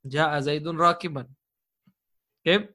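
A man's voice: a little high, steady tone, unhurried, pushed and bright. A man teaching an Arabic grammar class live online, patient and encouraging, often chuckling.

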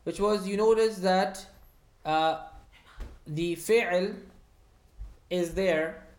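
In an online Arabic grammar lesson, a patient teacher with a mid-range voice speaks very slowly while reading out student comments. The teacher checks understanding with frequent "hmm?" and repeats key phrases, all in a roomy echo.

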